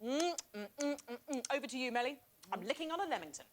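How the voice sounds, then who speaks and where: A woman's voice: high voice, expressive. A woman co-hosting a chat show, joking and self-mocking with guests and a studio audience. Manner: self-mocking, playful, quick jokes. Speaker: co-host of a daytime chat show. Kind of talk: comic banter and audience chat. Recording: audience and crowd noise behind.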